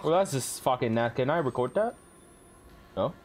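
A man's voice: medium pitch, lively intonation, brisk, background noise. Jumpy, swearing male streamer. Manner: jumpy, swearing, talks to chat. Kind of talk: live game commentary.

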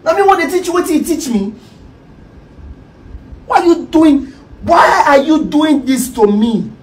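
A woman's voice: high voice, animated, unhurried, low-quality recording. A Nigerian woman acting a devout spouse who kneels and pleads in prayer, repeating phrases in a preachy way. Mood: pleading. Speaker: actor in a comedy skit.

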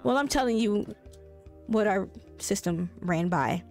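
A by-the-book police officer reading out charges, as a woman puts him on. He sounds flat and official. His delivery is plain and matter-of-fact. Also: medium pitch, measured pace, soft background music.

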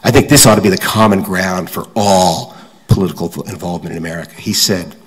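Older male guest speaker, husky, low, stop-start delivery, long hall reverb. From suburban Washington, D.C. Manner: halting, many restarts, self-deprecating humor. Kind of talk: fireside talk with audience questions.

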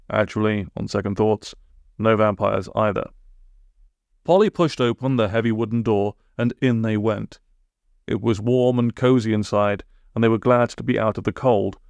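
A man narrating a comic storybook in a deadpan way, with dry asides. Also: on the low side, no room sound. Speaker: audiobook narrator.

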